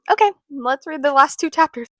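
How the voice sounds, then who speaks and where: A woman's voice: on the high side, lively intonation, normal speed, fairly bright tone, a little hiss or hum. A woman giving a casual book recap, chatty and loose, with lots of fillers and the odd swear. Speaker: book vlogger.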